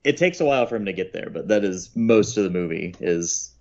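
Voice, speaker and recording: Low-pitched man on a dull lo-fi mic. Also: a little fast. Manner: relaxed, agreeable, laughs along. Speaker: podcast co-host. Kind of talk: casual chat. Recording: dull lo-fi sound.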